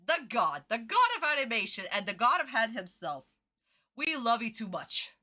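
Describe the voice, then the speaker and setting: A woman's voice: on the high side, big pitch swings, normal speed, pushed and bright. A young woman streaming a casual reaction chat, talking in an opinionated, emphatic way with lots of repetition. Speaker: streamer reacting to an anime episode.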